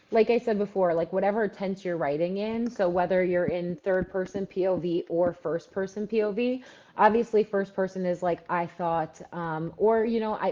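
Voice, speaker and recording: A Philadelphia woman with a medium-pitched, dark voice coaches writers on a livestream, answering viewer questions. She's talkative and full of fillers, and the sound quality is dull and lo-fi.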